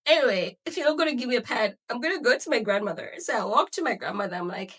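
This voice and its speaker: High-voiced woman telling stories animatedly. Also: quick pace, hardly any pauses, slightly rough. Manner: animated, chatty, laughs often. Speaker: podcast host. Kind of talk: casual solo podcast storytelling.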